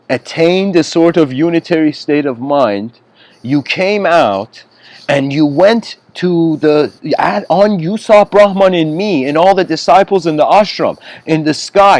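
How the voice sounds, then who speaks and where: A man's voice: on the high side, dry recording, pitched above the performer's own voice. A man doing a laughing, patient old guru.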